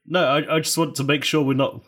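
A man playing a tabletop game, measured and a bit hesitant, choosing words carefully. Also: fairly high pitch, fairly even intonation, fairly bright tone, slight background noise. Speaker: player. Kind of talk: tabletop role-play chat.

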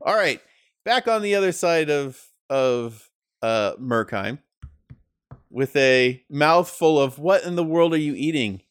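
Man, game master, tabletop game, halting, fillers, dry sound. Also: a little high, lively intonation, smooth, dry recording. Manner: halting, many restarts and fillers.

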